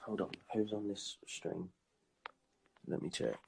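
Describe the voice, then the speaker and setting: A man's voice: fairly low pitch, a little slow, gravelly, very noisy. A young man with a cold, chatting casually and jokingly on a phone live stream. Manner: laid-back, joking, trails off. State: congested with a cold. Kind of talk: casual late-night chat. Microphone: phone on a live stream video call.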